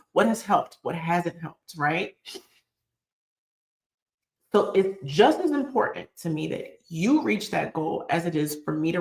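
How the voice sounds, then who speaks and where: A woman's voice: fairly low pitch, vocal fry. Earnest woman in an echoey room. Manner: earnest, repeats phrases for emphasis. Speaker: YouTube channel host. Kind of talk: emotional motivational live chat.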